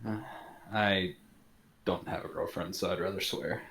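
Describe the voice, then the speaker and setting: A young man co-hosting a casual podcast, making dry, deadpan jokes. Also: sits low, measured pace, slight background noise. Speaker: podcast co-host. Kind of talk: casual chat.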